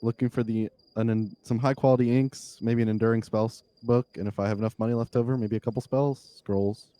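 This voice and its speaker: A man's voice: medium pitch, fairly even intonation, a little fast, dark tone. A man playing his character in a tabletop game, hesitant and correcting himself as he speaks. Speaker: player. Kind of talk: in-character role-play.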